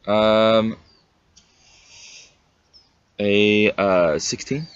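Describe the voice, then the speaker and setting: A man's voice: on the low side, fairly even intonation, drawn-out words, clean tone. A man talking casually as a player in a tabletop game, easygoing and matter-of-fact. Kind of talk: casual tabletop gaming chat. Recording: dull lo-fi recording with faint hiss.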